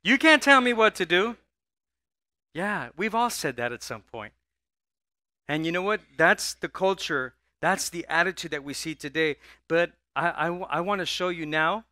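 A male pastor preaching a sermon in a church, animated, often repeating words and prompting the congregation to answer back. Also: fairly high pitch, moderate pace, no room sound, clean studio sound. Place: church sanctuary.

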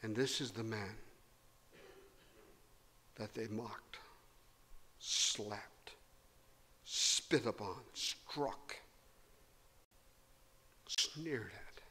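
A man preaching a sermon, swinging between loud emphasis and hushed low tones. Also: very slow, long pauses, slightly rough. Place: church hall. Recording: long hall reverb.

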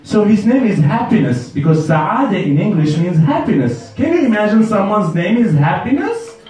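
A man from Syria performs stand-up comedy on a club stage, his voice pitched high and swinging widely as he goes. The sound is distant and echoes around the hall. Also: moderate pace. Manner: animated, jumps into high put-on voices for characters.

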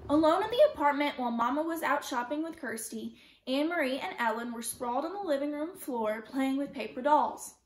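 A woman teacher reading a novel chapter aloud with clear, expressive storytelling. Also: sits high, a little fast. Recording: roomy echo.

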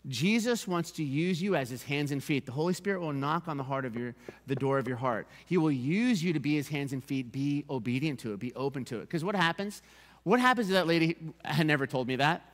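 A man's voice: on the high side, a little fast, long reverb tail. A man preaching a sermon as pastor, emphatic and repeating key phrases for his congregation. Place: church sanctuary.

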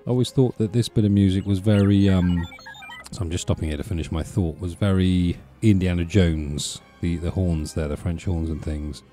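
A deep, mellow-toned man talking over his gameplay with soft music underneath. He rambles along in a relaxed, chatty way, trailing off and restarting his thoughts. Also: moderate pace. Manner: rambling, chatty, self-interrupting with fillers. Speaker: let's play host. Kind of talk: casual gameplay commentary.

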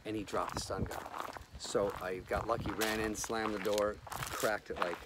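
A man's voice: on the low side, flat delivery, normal speed. A comedian telling a story in casual chat on a hike. He acts out quoted lines and swears often. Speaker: comedian guest. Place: outdoors on a mountain trail. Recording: outdoor background noise.

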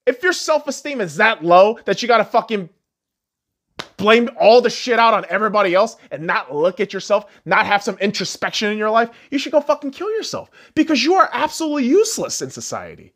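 Male podcast host, furious profane rant, very lively pitch, shouts then mutters. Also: moderate pace. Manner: angry, insulting, swings between yelling and muttering.

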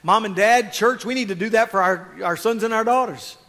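A man preaching a sermon as pastor, swinging from quiet asides to loud, fervent exhortation. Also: high-pitched, brisk, big-room sound.

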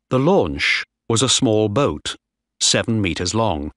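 A man narrating a graded-reader audiobook in a slow, clear storytelling manner. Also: on the low side, very animated, a bit bright, no echo, studio quality.

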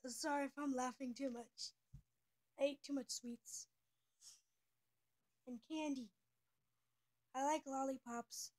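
A woman's voice: sits high, steady tone, slow pace, pauses often, a little mellow. A young female speaker who says she is twelve, chatting casually and giggling often as she hops between topics. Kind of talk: casual chat on a call.

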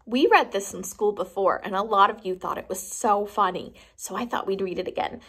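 A preschool teacher reading a picture book aloud to young children, with animated, expressive storytelling. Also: female voice, mid-range voice, a little fast.

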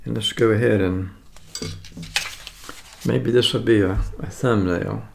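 The American food vlogger, a man in his seventies, talks unhurriedly in a low, gravelly voice with fairly even intonation, and there's slight background noise. He rambles chattily while tasting food on camera, frequently correcting himself.

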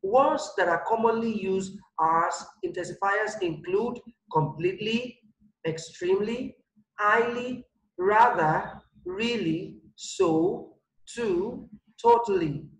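Unhurried online teacher; repeats examples, leans on key words; echoey room sound. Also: medium pitch. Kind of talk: online English grammar lesson.

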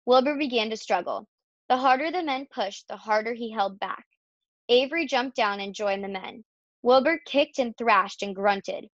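A woman's voice: fairly high pitch, moderate pace, dry recording. Woman reading a storybook, dull lo-fi sound. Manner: voices each character in turn. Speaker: storybook reader. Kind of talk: reading a children's novel aloud. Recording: dull lo-fi dry recording.

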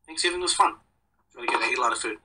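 A man's voice: mid-range voice, racing, bright, forceful tone, breathy edge, rough recording. A young man chatting as a podcast guest, rambling and joking in a self-deprecating way. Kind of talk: casual chat.

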